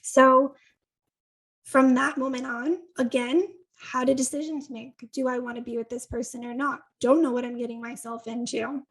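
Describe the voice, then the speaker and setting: A woman's voice: high-pitched, low-quality recording. A woman from Connecticut, a podcast guest, telling a story in a chatty way, often saying "like" and acting out what others said. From Connecticut, USA. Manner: chatty, animated, acts out quoted dialogue; frequent "like" and quick laughs. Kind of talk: casual storytelling in conversation.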